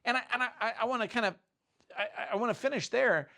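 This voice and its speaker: A man's voice: very high voice, fast, sharp tone. A man giving an informal, joking sermon, often stopping and restarting his sentences. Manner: conversational, self-interrupting, joking asides. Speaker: pastor.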